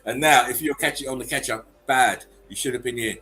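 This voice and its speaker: A man's voice: medium pitch, brisk, sharp tone. A man hosting a livestream chat show, talking in a loose, chatty way and laughing easily. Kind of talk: casual chat.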